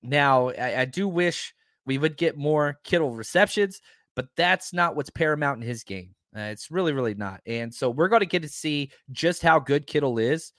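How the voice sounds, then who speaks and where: A man hosting a sports talk show, talking casually and excitedly, stressing his points by repeating them. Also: a little high, moderate pace, dry recording, studio quality. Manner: excitable, emphatic, keeps repeating himself.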